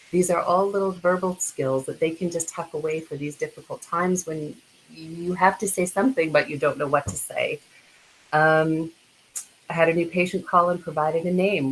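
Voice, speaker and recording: A woman presenting in a webinar, earnest and a little halting, sometimes acting out phone scripts. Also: sits low, slight background noise, low-quality recording. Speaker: dental practice consultant speaker.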